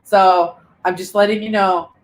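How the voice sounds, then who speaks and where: An older woman with grandchildren, co-hosting a casual live chat, talkative and quick to laugh at herself. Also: medium pitch, steady tone. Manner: chatty, self-deprecating, laughs often. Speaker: co-host.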